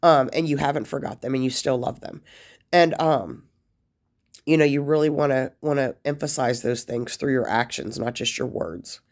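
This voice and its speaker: A woman's voice: extremely low pitch, normal speed, darkish tone. Rambling, emotional woman vlogger. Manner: rambling, many fillers and restarts; emotional, close to tears at times. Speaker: vlogger sharing life after prison. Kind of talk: casual advice talk to camera.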